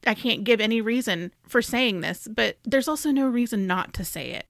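A woman co-hosting a podcast, chatting in an animated, casual way about a novel and swearing lightly. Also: a little high, moderate pace, creaky, no echo, clean studio sound. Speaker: podcast co-host. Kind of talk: casual book discussion.

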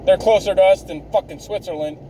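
A high-voiced man in his thirties rants through a solo podcast, swearing at every turn and mocking himself. His tone is dark and mellow. Faint traffic noise hums behind him. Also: a little fast, poor audio. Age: 30s. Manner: ranting, swears constantly, self-mocking. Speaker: podcast host. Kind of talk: profane rambling monologue.

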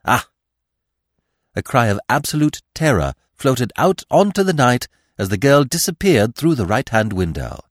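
A man narrating a classic story in measured, scripted audiobook style. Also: mid-range voice, very animated, no room sound, studio quality. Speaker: podcast narrator.

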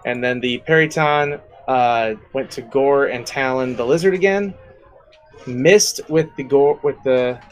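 A man narrating as game master in a tabletop game, relaxed and laughing, thinking aloud with fillers as he goes. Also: mid-range voice, unhurried, poor audio.

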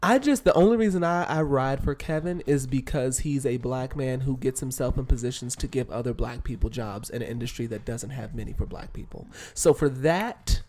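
Podcast co-host, candid, casual banter, quick laughs, mid-range voice. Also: mid-range voice, a little mellow. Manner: candid, laughing, trailing restarts. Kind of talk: casual chat.

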